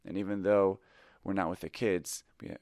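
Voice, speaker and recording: A man's voice: low-pitched, flat delivery, normal speed, a little mellow, dry recording, studio quality. A middle-aged man who teaches improv tells a personal story in a reflective, candid and self-critical way. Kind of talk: confessional storytelling.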